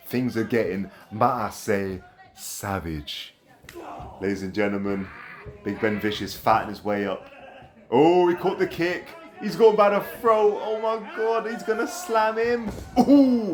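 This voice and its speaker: Male wrestling play-by-play caller, mid-pitched, shouty and slangy. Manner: shouty exclamations, slangy, laughs often. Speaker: wrestling commentator. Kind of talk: excitable play-by-play commentary.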